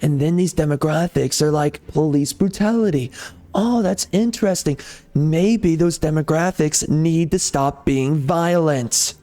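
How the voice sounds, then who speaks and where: Sarcastic ranting man, slightly high voice. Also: unhurried, dark tone. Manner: sarcastic, heated, repetitive. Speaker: gaming channel host. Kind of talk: off-the-cuff rant over gameplay.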